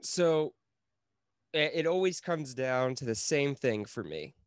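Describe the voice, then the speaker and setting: A man's voice: medium pitch, animated, slow, clean tone, no echo, clean studio sound. A young man co-hosting a podcast, talking in a brash, casual way, swearing often and laughing between lines. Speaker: podcast co-host. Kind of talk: casual profane chat.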